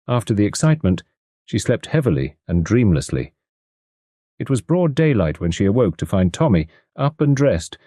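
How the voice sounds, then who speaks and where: A man narrating a classic mystery audiobook in an expressive, measured storytelling manner. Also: lowish voice, dry recording, studio quality.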